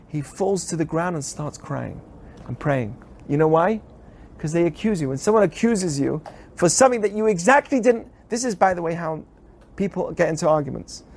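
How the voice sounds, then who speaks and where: A rabbi with a notably high voice teaches the weekly Torah portion on a podcast. He speaks in an animated way and keeps throwing rhetorical questions at his listeners. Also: normal speed, creaky.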